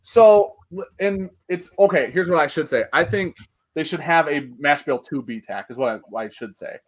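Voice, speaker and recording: Man, whiskey chat host, casual, animated, swears a lot, slightly high voice. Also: normal speed, low-quality recording. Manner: animated, swears freely, laughs often. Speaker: podcast host.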